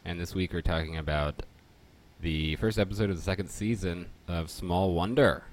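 A man's voice: low voice, normal speed. A man from Philadelphia with a Philadelphia accent, hosting a casual podcast chat, rambling and jokey, often correcting himself mid-sentence. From Northeastern Philadelphia. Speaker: podcast host.

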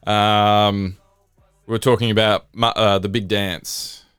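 A man's voice: fairly low pitch, flat delivery, takes it slowly, fairly bright tone, clear, resonant tone, dry recording, faint music behind. A man co-hosting a podcast, chatting casually and cracking dry jokes between hesitant fillers. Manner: dry wisecracking, lots of fillers. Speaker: podcast co-host. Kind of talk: casual chat.

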